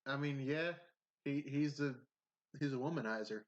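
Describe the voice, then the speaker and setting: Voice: medium pitch, normal speed. A podcast co-host talking in blunt, crude, casual chat. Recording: dull lo-fi sound.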